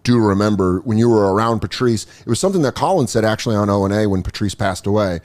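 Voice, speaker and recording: Animated male comedian telling stories. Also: fairly low pitch. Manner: animated storytelling, swearing, quick asides. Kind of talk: casual podcast chat.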